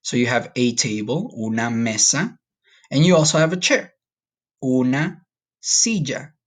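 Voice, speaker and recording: Man, spanish teacher, recorded online lesson, patient slow drills, cheerful asides. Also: medium pitch.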